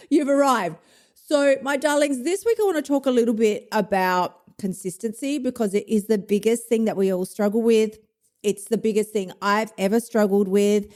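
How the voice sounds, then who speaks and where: A woman's voice: on the high side, dark tone. A woman in her thirties hosting a weight loss talk, blunt and emphatic, swearing freely as she gives a casual motivational monologue. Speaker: host of a weight loss show.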